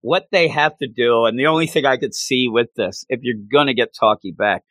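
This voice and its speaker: A man co-hosting a casual chat, animated, laughing often, and trailing off and restarting his sentences. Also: mid-range voice, brisk, no echo.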